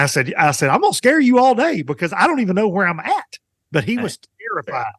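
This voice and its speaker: Male podcast host, animated storyteller, high voice, dry close sound. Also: fast talker, no room sound. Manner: animated storyteller, acts out quotes. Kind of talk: casual chat.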